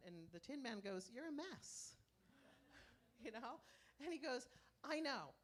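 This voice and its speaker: A woman minister giving a conversational sermon in a church, telling stories and acting out inner voices. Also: medium pitch. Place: church sanctuary.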